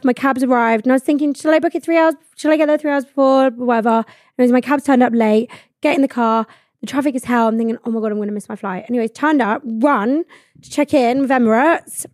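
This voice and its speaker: A young woman in her twenties tells a long story on her solo podcast with lively energy, swearing often and acting out what everyone said. Her voice sits fairly high, and the studio sound is close and dry. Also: dry recording. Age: 20s. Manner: animated, swears freely, acts out quoted exchanges. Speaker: podcast host. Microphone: studio podcast mic.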